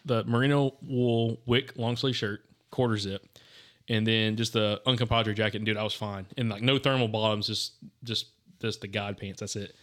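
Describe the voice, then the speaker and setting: A man's voice: on the low side, fairly even intonation, normal speed, fairly bright tone. A man telling a hunting story in casual podcast chat, rambling with plenty of fillers. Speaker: podcast co-host.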